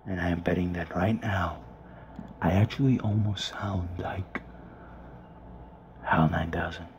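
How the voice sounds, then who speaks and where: A man whispering gameplay commentary from a small closet, grumbling and swearing in a hushed voice. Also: low-pitched, fairly even intonation, unhurried, lo-fi sound. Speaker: let's player. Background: faint background noise.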